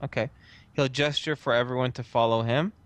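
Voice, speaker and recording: A man's voice: mid-range voice, fairly even intonation, a little fast. A man playing a tabletop game, describing what his character does in the third person. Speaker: player. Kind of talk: casual tabletop role-play.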